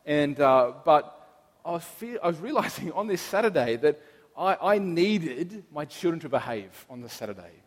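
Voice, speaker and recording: A man in his thirties preaches, his voice sitting high for a man. He speaks in a personal, earnest way and reflects on his own life. His words ring out with a long reverb, as in a large church hall. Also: sing-song, moderate pace. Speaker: pastor. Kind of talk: sermon.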